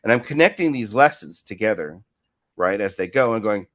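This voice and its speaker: A man in his fifties with a lowish voice, talking through long stories as an interview guest. His speech rambles and keeps checking in with a quick "right?" as he goes. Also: animated, fairly bright tone. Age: 50s. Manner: rambling, with frequent "right?" tag questions. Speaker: martial arts instructor as interview guest. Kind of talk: casual storytelling in an interview.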